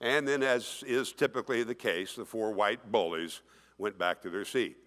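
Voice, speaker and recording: In a large conference hall with long reverb, a man in his sixties delivers an emphatic keynote speech. Speaking at a moderate pace with a fairly low pitch, he tells animated stories and acts out the voices he quotes.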